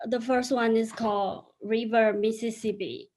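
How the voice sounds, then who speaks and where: A woman with a non-native English accent reading her own poems aloud over a video call, slow and deliberate with pauses between lines. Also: mid-range voice, fairly even intonation. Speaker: poet. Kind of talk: poetry reading.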